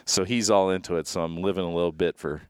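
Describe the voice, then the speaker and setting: Deep-voiced, smooth casual host. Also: male voice, fairly even intonation, no room sound, studio quality. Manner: rambling storyteller, quick repeated restarts. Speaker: podcast host. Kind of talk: casual interview chat.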